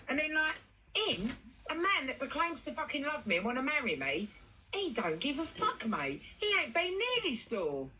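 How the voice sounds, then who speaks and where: A woman's voice: sits high, wildly swooping pitch, normal speed, bright, forceful tone, slight background noise, poor audio. A young woman, talking bluntly in a casual live chat. She swears freely and puts strong emphasis on her words.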